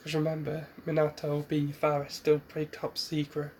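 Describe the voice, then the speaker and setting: A man's voice: on the high side, completely flat delivery, brisk, a little mellow, slight background noise. A man casually retelling a fan-made story, rambling with restarts and asides.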